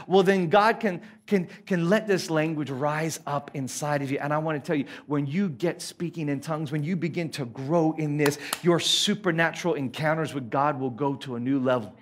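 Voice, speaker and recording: An Australian man preaching in a high, bright voice. He is earnest and emphatic at a church service, and he slips in light, playful asides. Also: normal speed, hardly any pauses. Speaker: pastor. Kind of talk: sermon.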